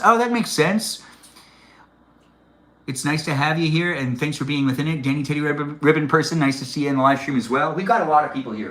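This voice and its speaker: A man hosts a relaxed live stream from his home kitchen, chatting loosely with viewers and reading their comments aloud. His voice is bright and forward, and the kitchen gives it a roomy echo. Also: mid-range voice, a little hiss or hum. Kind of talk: casual live-stream chat while cooking.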